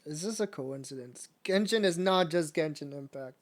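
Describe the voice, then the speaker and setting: A man's voice: fairly high pitch, animated, moderate pace. A man co-streaming a game, teasing and laid-back, also reading narration aloud. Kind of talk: casual let's play commentary and reading narration.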